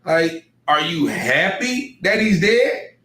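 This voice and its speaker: A man giving casual true-crime commentary on an emergency call recording, questioning in a skeptical, drawn-out way. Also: on the high side, big pitch swings, sharp tone, echoey room, low-quality recording.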